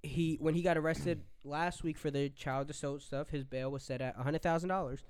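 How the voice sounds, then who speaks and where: A man's voice: on the high side, fairly even intonation, clean tone, no room sound. A young man hosting a studio podcast, joking and teasing his friends in casual chat. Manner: joking, quick to tease. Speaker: podcast host.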